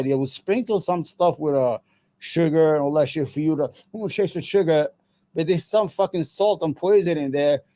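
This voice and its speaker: Guy hosting a reaction show, fairly high voice, heated and sweary, super blunt. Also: mellow. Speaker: host. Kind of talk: profane reaction commentary.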